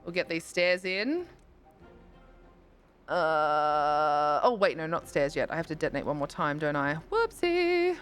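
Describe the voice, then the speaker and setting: Young woman streaming a game, lowish voice, chatty, swears a bit, faint music behind. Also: unhurried, a bit bright. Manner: chatty, thinks aloud, swears casually, bursts into squeals. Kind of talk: casual live-stream chat while playing.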